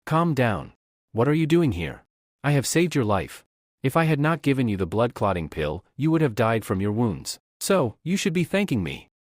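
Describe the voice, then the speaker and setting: A man's voice: mid-range voice, normal speed, no echo, clean studio sound. Man doing a cocky young alchemist hero. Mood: scolding. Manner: calm, casual, self-assured.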